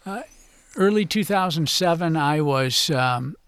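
An older man answering radio interview questions as an author and guest, halting and hesitant, often trailing off quietly. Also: a little high, expressive, clean tone.

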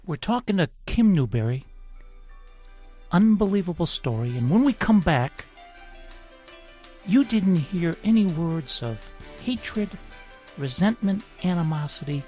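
A man's voice: high-pitched, animated, measured pace, long pauses, mellow, slightly rough, soft background music. A man hosting a radio talk show, introducing and questioning his guest in an earnest, emphatic way.

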